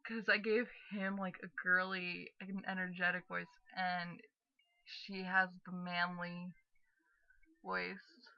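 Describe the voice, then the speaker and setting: A woman's voice: fairly low pitch, level tone, slow pace, gravelly, no echo, dull audio. A young woman chatting casually as she plays through a game, rambling and giggly. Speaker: let's play host. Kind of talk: casual gaming commentary.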